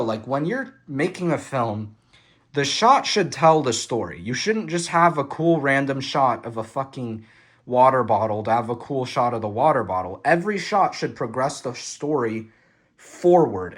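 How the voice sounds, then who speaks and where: Excitable young man, casual swearing. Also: mid-range voice, slightly rough. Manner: excitable, swears casually, many fillers and restarts. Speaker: vlogger reviewing a film photo book. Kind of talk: casual enthusiastic commentary. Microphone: phone.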